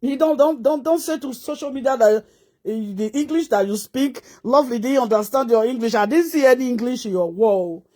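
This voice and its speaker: A Nigerian woman vlogger ranting and mocking someone with rapid rhetorical questions in a scolding manner. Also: a little high, dark tone. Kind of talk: ranting live-stream commentary.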